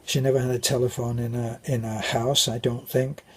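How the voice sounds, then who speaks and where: An older British man, a vlogger, tells rambling stories about his childhood, full of anecdotes and restarts in a casual storytelling style. His medium-pitched voice has a breathy edge, little pitch movement, and a moderate pace.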